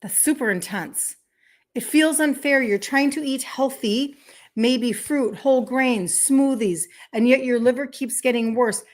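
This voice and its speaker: A woman's voice: high-pitched, measured pace. A woman in her fifties, a health coach, talking casually on a live stream, emphatic and chatty, repeating key points and checking in with "okay?". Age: 50s. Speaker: health coach hosting a weekday live show.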